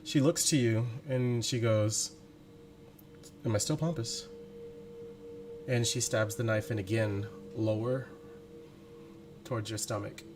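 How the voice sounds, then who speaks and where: A man narrating as game master in a tabletop game, in a slow, deliberate way with frequent laughs. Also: lowish voice, fairly even intonation, noisy background.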